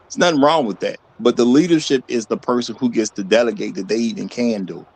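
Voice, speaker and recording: A man's voice: mid-range voice, fast, darkish tone, husky, low-quality recording. Emphatic man hosting a live stream. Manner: firm, emphatic, repeats key points. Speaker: show host. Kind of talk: live stream debate and super chat reading.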